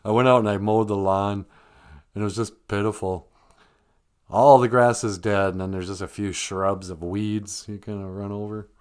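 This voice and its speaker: A man's voice: fairly low pitch, level tone, moderate pace, a little mellow, clear, resonant tone. A man hosting a livestream, chatting casually from home in a rambling, joking way. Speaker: livestream host. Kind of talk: casual chat.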